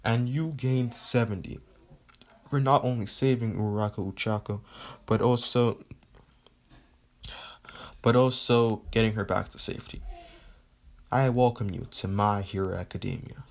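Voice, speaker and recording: A man reading out a letter as an upbeat grown male hero mentor, a bit slower and more proclaiming than his plain talk. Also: lowish voice.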